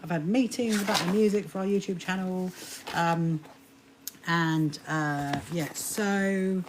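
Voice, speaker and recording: A woman's voice: fairly low pitch, takes it slowly, background noise. A woman hosting a sewing live stream, chatting casually and rambling through restarts as she talks to viewers. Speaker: sewing livestream host.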